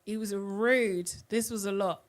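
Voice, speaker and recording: A woman hosting a live reality TV recap, talking in an animated, outspoken way. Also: medium pitch, unhurried. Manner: animated and outspoken, often mocking voices. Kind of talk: live recap and review chat.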